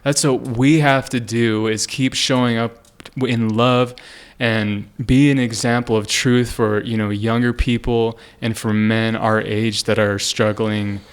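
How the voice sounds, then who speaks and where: A man's voice: mid-range voice, little pitch movement, unhurried, clean tone. A young man sharing a personal story on a casual podcast, earnest and rambling with many fillers and restarts. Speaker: podcast co-host.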